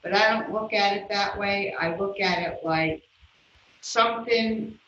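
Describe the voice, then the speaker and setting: A woman guest in an interview, telling a personal story in an animated way and acting out the voices of the people in it. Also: medium pitch, measured pace, roomy sound, highs cut off, slight background noise. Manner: animated, acts out the voices of people in her stories. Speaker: guest, yoga instructor.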